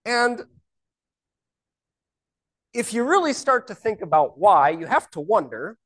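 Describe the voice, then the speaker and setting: A woman's voice: mid-range voice, big pitch swings, slow. A woman teaching a Bible lesson, explaining scripture step by step and asking rhetorical questions.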